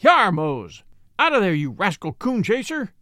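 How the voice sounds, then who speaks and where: A man voicing a gruff, bold Western ranger who barks orders with raised, emphatic delivery in an audiobook reading. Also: sits high, big pitch swings, a little slow, fairly bright tone, no room sound, studio quality, heavily acted. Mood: commanding.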